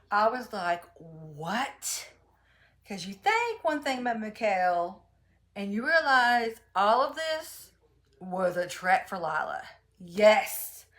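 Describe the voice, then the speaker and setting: A woman hosting her own show, chatting excitedly through a romance book review and acting out the characters' lines. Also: mid-range voice. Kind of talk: casual book review monologue.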